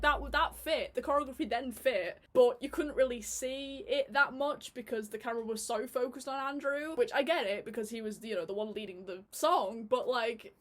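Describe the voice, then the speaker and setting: A woman giving a casual chat review on her channel, chatty and laughing often, with lots of fillers and restarts. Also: fairly high pitch. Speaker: YouTube reviewer.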